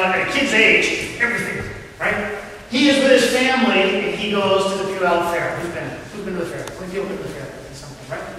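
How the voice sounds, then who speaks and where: A man preaches to his congregation and tells the story with plenty of energy. His voice is high and bright. The sound carries heavy echo from a church hall and is picked up from a distance. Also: a little hiss or hum. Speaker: pastor. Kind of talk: sermon. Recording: echoey hall, mic at a distance.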